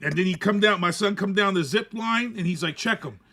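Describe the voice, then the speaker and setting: A man's voice: sits high, brisk, bright, forceful tone. A man co-hosting a podcast, chatting casually and animatedly acting out quotes while telling a story. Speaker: podcast co-host. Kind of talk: casual chat.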